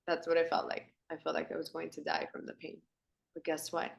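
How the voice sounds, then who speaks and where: A woman hosting a women's circle on a phone call. She talks with earnest feeling, often says "like", and breaks into animated, excited voices. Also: low voice, a little fast, vocal fry, reverberant. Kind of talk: spiritual talk to a women's group. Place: home in Miami.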